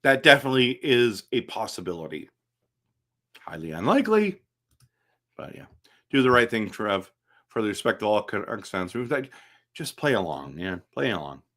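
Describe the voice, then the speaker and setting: Bright-voiced man hosting a live fan stream. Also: on the low side, moderate pace, pauses often. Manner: animated, talks back to chat comments, restarts sentences. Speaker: livestream host reading chat. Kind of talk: casual live-stream chat.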